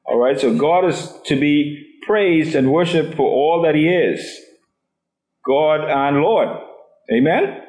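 A man's voice: fairly high pitch, takes it slowly, a little mellow, echoey room, rough recording. A man leading a Bible study class, asking the group questions and often repeating his words.

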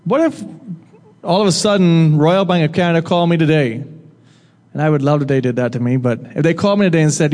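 A man's voice: on the high side, quick pace, a little mellow, long reverb tail. A man preaching a sermon in a loose, conversational way, putting questions to his listeners and teasing them. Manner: conversational, asks the audience questions and jokes with them.

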